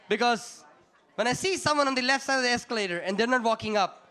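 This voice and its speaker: A young man from India, doing a lively stand-up comedy set and acting out the people in his stories. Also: extremely high pitch, fast. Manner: animated storyteller who acts out the people in his stories.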